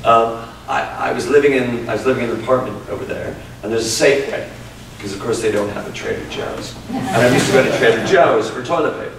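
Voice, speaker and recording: A man, an improv teacher, talking in a casual interview, animated, laughing often and swearing freely. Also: medium pitch, fast. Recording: echoey room from a distant mic with noise.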